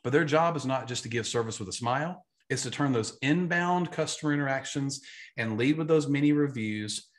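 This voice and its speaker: A man's voice: mid-range voice, a little fast. Emphatic man leading a sales training. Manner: emphatic, energetic, repeats key points. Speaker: insurance agency trainer. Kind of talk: live online training talk.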